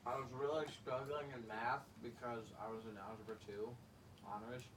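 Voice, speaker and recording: A young man with a mid-range voice hosts a casual podcast, full of teasing, swearing jabs at his friend. He sits away from the mic, and clear background noise runs under his talk. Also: medium pitch, moderate pace, recorded from a distance. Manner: teasing, profane banter.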